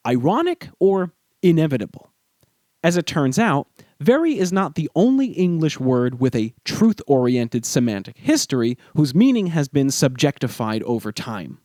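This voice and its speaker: A man hosting an educational podcast, giving scripted narration in a measured, explanatory way and leaning on key words. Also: a little high, sing-song, darkish tone, dry recording, clean studio sound. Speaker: podcast host.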